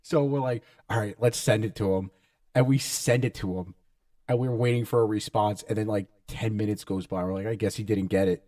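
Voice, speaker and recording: A man's voice: on the low side, fairly even intonation, a little fast, dark tone, no room sound, studio quality, far from the mic. A man casually telling a story, quoting other people's lines in a laid-back podcast chat. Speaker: podcast co-host.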